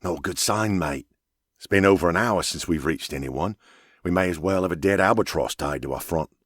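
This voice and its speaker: A man's voice: low-pitched, normal speed, no echo, studio quality. A man voicing a wry male pilot who mumbles jokes to hide his unease, in an audiobook. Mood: uneasy. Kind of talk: audiobook character voice.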